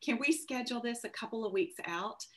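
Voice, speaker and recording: A woman novelist, a guest on a video call, telling stories in a casual, animated way with many restarts. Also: fairly high pitch, fairly quick. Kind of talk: casual conversational interview.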